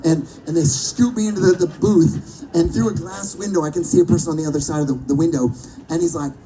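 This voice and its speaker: A man with a high voice tells a funny story on an outdoor stage, acting out each person he quotes. The mic picks him up from some distance, and a lively crowd can be heard around him. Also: fast talker. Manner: animated storyteller who acts out the people he quotes. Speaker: voice actor telling a stage story. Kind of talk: comedic anecdote told to a live audience. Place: outdoor Renaissance fair stage. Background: audience laughing and reacting.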